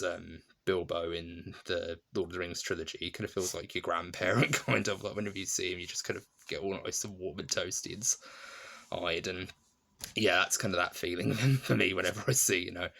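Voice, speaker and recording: A man's voice: low-pitched, fairly even intonation, brisk, vocal fry, fairly bright tone. A man giving a casual, rambling spoken film review, full of restarts and fillers, fond and enthusiastic about the film. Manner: rambling, many restarts and "you know" fillers.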